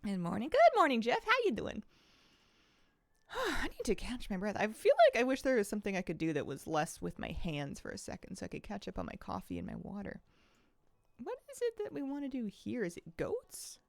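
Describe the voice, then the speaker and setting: A woman's voice: mid-range voice, creaky, no room sound. Chatty woman streamer with a slight lisp. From Pacific Northwest of the US. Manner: rambling and chatty, with frequent sighs and soft laughs. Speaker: game streamer. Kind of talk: casual chat while gaming.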